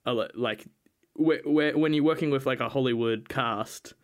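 A man's voice: mid-range voice, normal speed. A man co-hosting a casual film podcast, talking in loose, rambling sentences with many fillers and restarts. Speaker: podcast co-host. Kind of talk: casual movie review chat.

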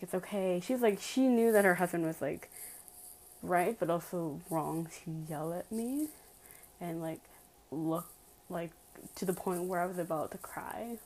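A woman's voice: on the low side, darkish tone, low-quality recording. A woman telling a personal story to her viewers in a casual, emphatic way, full of "like" fillers and direct appeals.

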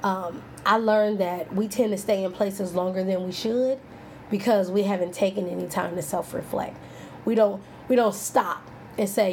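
A woman's voice: medium pitch, moderate pace, a little mellow, a little hiss or hum. A woman in her thirties giving a casual motivational talk on self-reflection, candid and playful, laughing often and acting out what people say. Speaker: self-help speaker.

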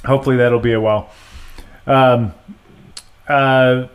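A man's voice: medium pitch, steady tone, a little slow, clear, resonant tone. A middle-aged man hosting an interview, asking friendly, rambling questions with restarts. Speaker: host. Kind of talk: casual interview chat.

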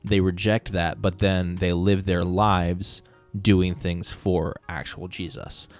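Male podcast host, very low voice, earnest and rambling, faint music underneath. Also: level tone, slow pace. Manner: rambling, frequent "like" fillers, earnest. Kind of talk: casual faith podcast conversation.

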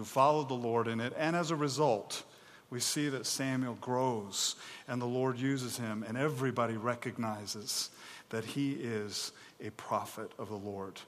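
A man's voice: medium pitch, steady tone, moderate pace, fairly bright tone. A man preaching a sermon as pastor, emphatic and conversational, speaking plainly to the congregation with casual asides. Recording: long hall reverb.

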